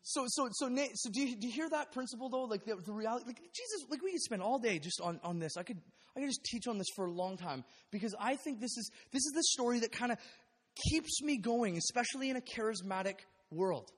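A high-pitched male pastor preaches in a church sanctuary, his voice trailing off into a long hall reverb. He talks candidly and pokes fun at himself, stumbling over restarts and breaking into laughter. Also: animated, fast talker. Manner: candid, self-deprecating, rambling with restarts and laughs. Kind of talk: sermon.

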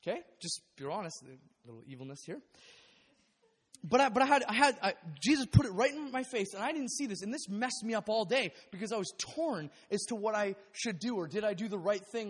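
A high-pitched male pastor preaches in a church sanctuary, his voice trailing off into a long hall reverb. He talks candidly and pokes fun at himself, stumbling over restarts and breaking into laughter. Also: animated, brisk, slightly rough. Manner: candid, self-deprecating, rambling with restarts and laughs. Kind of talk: sermon.

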